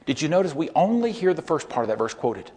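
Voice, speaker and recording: A man giving a sermon-style Bible lecture, telling stories emphatically and building to loud peaks. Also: on the high side, very animated, fast talker. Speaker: lecturer, preacher. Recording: long hall reverb.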